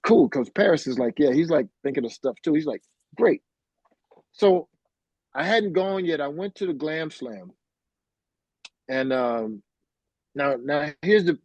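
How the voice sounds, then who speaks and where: A middle-aged man tells a story casually as an interview guest, acting out the voices of the people in it. His voice sits a little high for a man and comes through dry and somewhat muffled. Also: no echo. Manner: animated, acts out quoted voices.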